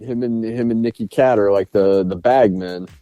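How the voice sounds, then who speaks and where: A man's voice: lowish voice, moderate pace, dark tone, dry recording, muffled recording, soft background music. A man co-hosting a podcast, reviewing a film in casual chat, laughing often and swearing enthusiastically. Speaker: podcast co-host.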